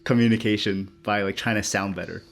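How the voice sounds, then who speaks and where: A man's voice: fairly low pitch, fairly even intonation, fairly quick, creaky. A man hosting a podcast, asking questions casually with lots of fillers. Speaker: podcast host.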